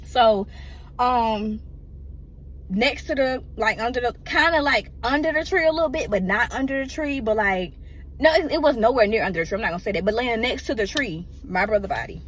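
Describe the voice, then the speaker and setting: A woman's voice: fairly high pitch, expressive, a little fast, a bit bright, slight background noise. A woman emotionally telling a personal story in a casual, rambling way and often addressing her listeners directly.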